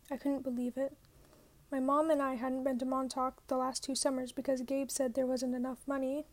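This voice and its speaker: A woman's voice: high voice, level tone, moderate pace, a little mellow. A woman narrating a novel in the first person as an amateur reader, stumbling and correcting herself now and then. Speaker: audiobook reader.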